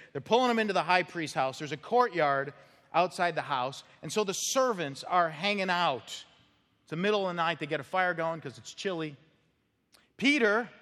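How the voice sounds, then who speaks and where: Man preaching in a reverberant church. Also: fairly high pitch. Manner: conversational, animated storytelling. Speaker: pastor. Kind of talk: expository sermon. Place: church sanctuary. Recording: long church hall reverb.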